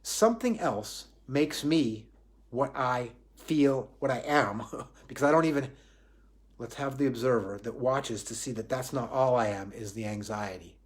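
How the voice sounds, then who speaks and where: A man's voice: medium pitch, a little slow. Reflective man giving a spiritual talk. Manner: reflective, repeats and restarts phrases, asks himself questions. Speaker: spiritual teacher. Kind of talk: Facebook Live spiritual talk.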